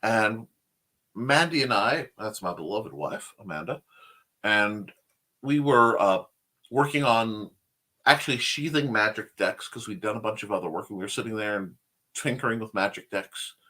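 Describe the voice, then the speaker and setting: On his casual creative livestream talk show, this man answers viewer comments with rambling enthusiasm. His voice is fairly low and sharp in tone, and he keeps a moderate pace.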